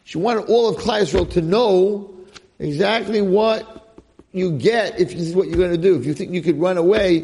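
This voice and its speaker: A man giving an informal, animated Torah class to a group, talking casually and dropping in Hebrew and Yiddish terms. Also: high voice, normal speed, husky. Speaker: Torah lecturer.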